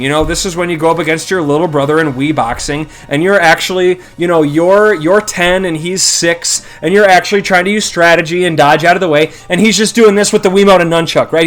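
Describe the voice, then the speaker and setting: A man's voice: high voice, a bit bright. A man casually commentating his own strategy game, thinking aloud and criticizing his own moves. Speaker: gameplay commentator.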